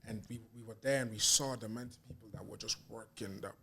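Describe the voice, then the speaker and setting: A music manager guesting on a podcast speaks earnestly and motivationally in casual chat, restarting sentences often and saying "do you get me" a lot. His voice is lowish and sharp, with a steady tone, a quick pace and vocal fry.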